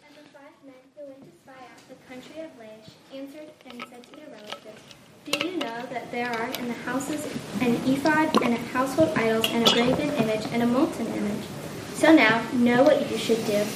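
A woman reading a long scripture passage aloud in a steady, even manner. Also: fairly high pitch, moderate pace. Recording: roomy, distant from the mic, noisy.

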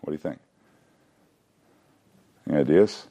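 A man's voice: very deep voice, unhurried, dark tone. A man teaching a Bible class, mixing reading with joking asides and questions to the students.

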